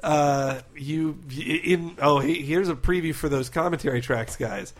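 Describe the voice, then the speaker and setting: Man, podcast co-host, loose rambling chat full of fillers and side comments. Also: on the high side. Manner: rambling, filler-heavy, quick asides. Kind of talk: casual chat.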